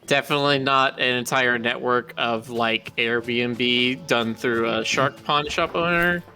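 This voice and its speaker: A man's voice: mid-range voice, a little slow, bright, forceful tone, soft background music. A man streaming a game, making dry, joking asides in casual chat. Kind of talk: casual chat while gaming.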